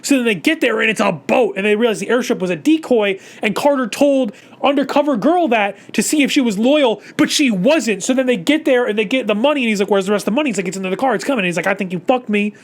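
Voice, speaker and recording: Talking fast with few pauses, this animated YouTuber rambles through a casual movie recap, swearing and sounding exasperated. The medium-pitched voice restarts often and alternates between mutters and loud outbursts.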